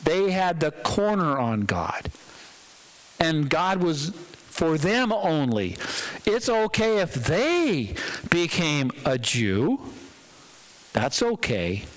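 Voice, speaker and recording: A male pastor giving a conversational, dramatic sermon in a church, with pauses for effect. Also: on the high side, big pitch swings, poor audio.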